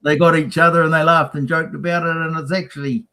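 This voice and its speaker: A man's voice: on the high side, little pitch movement, quick pace, bright, forceful tone, poor audio. A man, a racing team guest, chatting casually and acting out quotes in his stories. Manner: chatty storyteller, acts out quotes. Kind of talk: casual chat.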